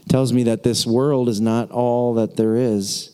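Guy preaching, talks right at the people, goes quiet n low when praying, mellow tone, big echoey hall. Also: moderate pace, hardly any pauses, clear, resonant tone. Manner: conversational, speaks straight to the congregation; drops to a soft, low voice in prayerful moments. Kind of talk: sermon. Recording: long hall reverb.

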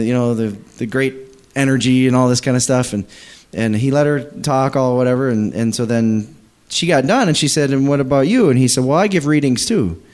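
A man's voice: medium pitch, a little mellow. Rambling man telling a church story. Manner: rambling, many restarts, acts out quoted voices. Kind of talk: animated storytelling in a church service.

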